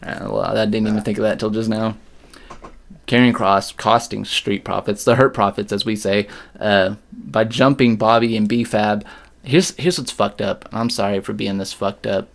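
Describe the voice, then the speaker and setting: A man's voice: fairly low pitch, steady tone, moderate pace, vocal fry. A man co-hosting a podcast in casual chat, blunt and jokey, swearing freely. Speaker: podcast co-host.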